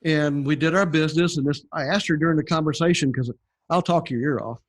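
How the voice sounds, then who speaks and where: A man's voice: a little high, fast. An older man, a podcast guest, telling his story in a rambling, conversational way with many fillers. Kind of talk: conversational testimony.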